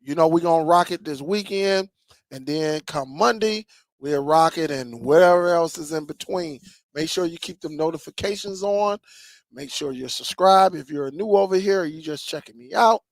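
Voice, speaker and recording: Guy with a high gravelly voice just chatting to his viewers, repeats stuff a lot, dry close sound. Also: normal speed, dry recording. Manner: animated storyteller, laughs and repeats himself. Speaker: streaming tech channel host. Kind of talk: casual chat to viewers.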